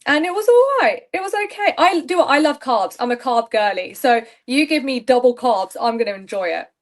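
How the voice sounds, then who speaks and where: A woman's voice: high-pitched, expressive, normal speed. A young woman, chatting candidly as an interview guest on a video call, laughing often. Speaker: reality show contestant guest. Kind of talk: casual interview chat.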